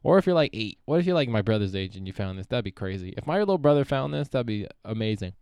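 A man's voice: on the low side, big pitch swings, fast talker, a little mellow, clean tone, dry recording, highs cut off. A young man hosting a solo podcast, rambling and swearing freely, often trailing off and restarting. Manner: profane, meandering, self-interrupting. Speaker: podcast host.

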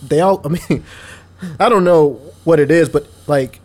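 A man's voice: a little high, a little slow, darkish tone. A man co-hosting a casual podcast, talking in a laid-back, profane way and laughing easily. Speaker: podcast co-host.

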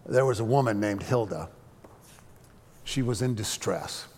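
A man preaching a sermon through a story, earnest and halting, often restarting his words. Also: on the low side, darkish tone, long reverb tail.

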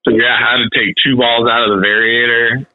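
A man's voice: mid-range voice, little pitch movement, a little fast, dry recording. Laid-back rambling guy on a tinny line. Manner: laid-back, rambling, heavy on "like" and "dude", swears casually. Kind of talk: casual chat. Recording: dry tinny phone-like line.

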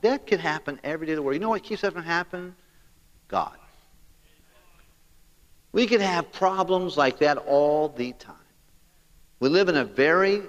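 A man preaching a sermon as pastor, animated and talking straight to his congregation. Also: on the high side, big-room sound, muffled recording.

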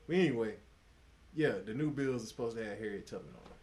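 A man's voice: medium pitch, expressive, fast talker, a little mellow. A man co-hosting a podcast in casual chat, trading profane jokes and breaking into laughter. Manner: profane, joking banter with bursts of laughter. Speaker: podcast co-host.

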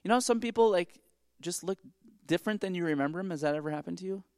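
A middle-aged man rambles through a dating story on a podcast, breaking off into asides and restarts. His voice sits a little high for a man, and the recording is close and dry. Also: quick pace, darkish tone, no echo. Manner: rambling, self-interrupting storyteller. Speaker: podcast co-host. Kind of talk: casual chat, storytelling.

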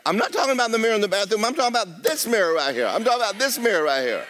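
A man preaching a sermon as pastor, swinging from loud exclamations to hushed, near-whispered lines. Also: sits high, big pitch swings, rapid-fire.

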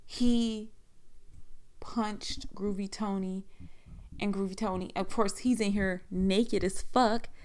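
Woman telling a wild personal story, swears a lot, takes her time, just rambling on. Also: mid-range voice. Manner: frank and profane, with a rambling, conversational flow.

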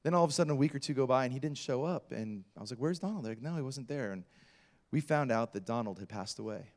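A man's voice: mid-range voice, fast talker. A middle-aged male pastor telling a story in a sermon, acting out the voices of the people in it with big swings of energy. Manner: animated storyteller acting out quotes.

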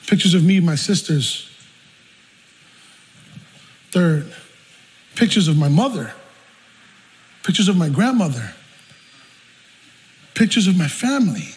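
A man, a pastor preaching a personal story in an animated, emotional way. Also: sits high, measured pace, long pauses. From South Bronx, New York. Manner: animated, emotional storytelling with bursts of laughter and shouting. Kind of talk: storytelling sermon. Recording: long reverb with faint room noise.

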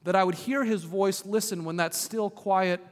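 Man, pastor, sermon, earnest, high voice, hushed on key points, long church reverb. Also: a little fast.

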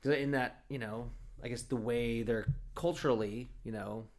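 A man's voice: medium pitch, fairly even intonation, normal speed, a little mellow. A man from Oregon telling rambling stories in casual chat, full of fillers and restarts. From Oregon, USA.

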